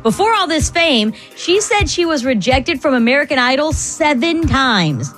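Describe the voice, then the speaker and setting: A woman hosting a morning radio quiz show, brisk and playful, quick to laugh. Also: high-pitched, sing-song, a bit bright, faint music behind.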